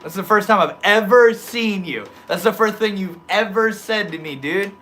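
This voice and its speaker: Reading his viewers' comments aloud, this man from Maine keeps his livestream chat loose and slangy, heavy on "dude" and "bro." His pushed, bright voice sits high and moves at a moderate pace.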